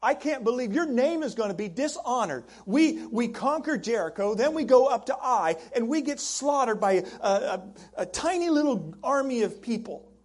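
A distraught man shouts his complaint up to God, stammering and exasperated, as a male preacher acts him out in a sermon. His voice sits high and pushes hard. He repeats himself as the words tumble out. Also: expressive, normal speed, few pauses.

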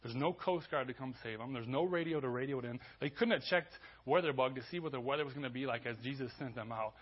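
A man preaching a sermon as pastor, conversational with restarts, building to loud emphasis. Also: mid-range voice, quick pace, breathy edge, dull audio. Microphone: church sermon recording.

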